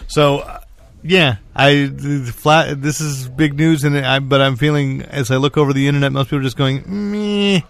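A man's voice: medium pitch, flat delivery, brisk, fairly bright tone. A man hosting a casual comics podcast, rambling with restarts and laughing often. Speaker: podcast host. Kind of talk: casual chat.

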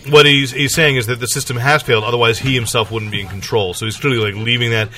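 A man's voice: medium pitch, fairly even intonation, fast, bright, forceful tone. A man hosting a casual group podcast chat, joking and laughing often as he steers the topics. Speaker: podcast host.

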